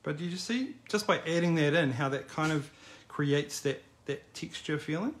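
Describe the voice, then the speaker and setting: A man's voice: a little high, normal speed. Chatty man teaching a drawing class. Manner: casual, encouraging, chatty with fillers. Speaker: art teacher. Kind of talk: live online drawing class.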